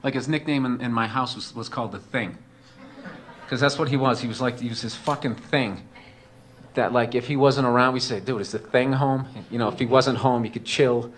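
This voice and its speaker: A man's voice: mid-range voice, steady tone, brisk. A man telling a comedic personal story in a rambling, profane way, full of "like" and "you know".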